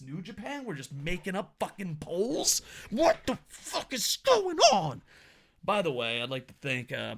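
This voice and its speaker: A man's voice: mid-range voice, gravelly, fairly bright tone, a little hiss or hum. A man giving casual, profane, sarcastic commentary on wrestling news.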